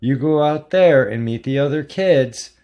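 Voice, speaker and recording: A man's voice: mid-range voice, animated, a little slow, dull audio, pitched above the performer's own voice, close to an everyday voice. A man voicing a sugary, fake-sweet female schoolteacher who coos in a baby voice. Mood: saccharine. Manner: cooing baby voice.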